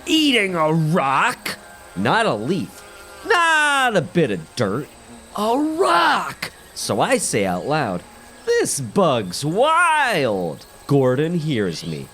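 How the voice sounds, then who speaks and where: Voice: mid-range voice, wildly swooping pitch, slow pace, a bit bright, slight background noise, heavily acted. A comedian playing a goofy, tough-talking garden bug who tells a rambling story, with faint music behind. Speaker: comedy podcast improviser. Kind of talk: improvised comic monologue.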